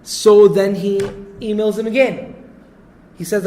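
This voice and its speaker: A male preacher with a high voice tells a story in a casual, animated way. He keeps checking in with his listeners as he goes. A faint hum of the room sits under his voice. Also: a little slow, poor audio. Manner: animated, conversational, repeats points with "you know" and "okay?". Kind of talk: storytelling sermon.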